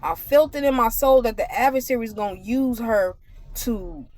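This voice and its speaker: A woman speaking to her followers in a relaxed, conversational way, telling a workplace story. She talks directly to the audience and shifts into a preaching tone as she draws the spiritual lesson. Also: fairly high pitch, moderate pace. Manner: animated, conversational, addresses viewers directly. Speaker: vlogger. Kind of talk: casual storytime with spiritual message.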